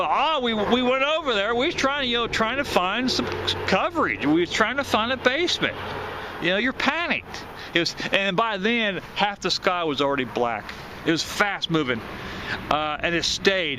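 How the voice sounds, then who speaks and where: A man's voice: sits high, noisy background. A man in his fifties from southwest Ohio, casually telling a childhood memory, rambling with many restarts and repeated words. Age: 50s. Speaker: channel host recalling a storm. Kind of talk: casual spoken memoir.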